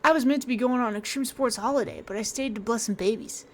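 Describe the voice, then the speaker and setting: A woman's voice: on the high side, fast talker. A woman voicing a laid-back, upbeat surfer priest who talks in surfer slang, saying dude and bro at every turn.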